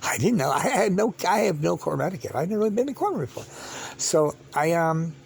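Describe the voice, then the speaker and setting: A man telling a long personal story as a vlogger, halting and repetitive, with many restarts and fillers. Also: fairly high pitch, big pitch swings, creaky, a little mellow.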